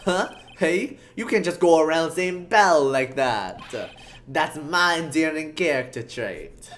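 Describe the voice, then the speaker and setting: A woman doing a loud gruff bumbling detective. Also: deep voice, expressive, slow, soft background music, pitched above the performer's own voice. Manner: brash, shouty, Italian-tinged tough-guy drawl.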